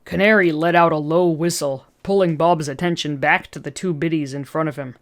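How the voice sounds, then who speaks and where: Someone reading fan fiction out loud, chatty, little asides and chuckles. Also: medium pitch, fairly even intonation, fairly quick, noisy background. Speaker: story reader. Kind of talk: reading a fan story aloud.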